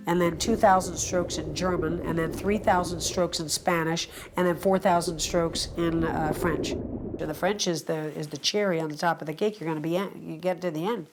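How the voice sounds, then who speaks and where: Low-voiced woman telling her story. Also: steady tone, normal speed, noisy background. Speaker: swimmer. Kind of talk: personal storytelling interview. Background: instrumental music.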